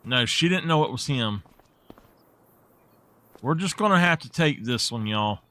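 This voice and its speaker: Man, gaming streamer, slow easygoing talk, bright lively voice. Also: mid-range voice. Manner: relaxed, rambling storyteller. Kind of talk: casual chat while playing.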